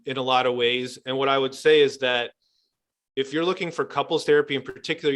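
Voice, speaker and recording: A man speaking in a calm, measured conversational voice, his pitch sitting in the middle range for a man. He talks through his work as a couples therapist, pausing with fillers and restarting sentences, and turns gentle and compassionate when voicing the way he speaks to clients. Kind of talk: podcast interview conversation.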